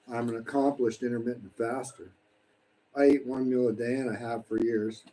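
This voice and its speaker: A man's voice: medium pitch, fairly even intonation, moderate pace, mellow, slight background noise, poor audio. A man in his sixties from the United States, talking bluntly and preachily in a casual live-stream while eating, swearing freely. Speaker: vlogger. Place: home in the Philippines.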